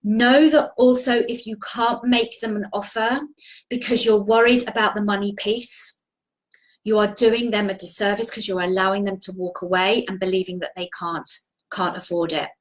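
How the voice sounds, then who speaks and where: A woman's voice: mid-range voice, fairly even intonation, moderate pace, rough recording. Woman, encouraging coach, earnest, restarts phrases, live video-call sound.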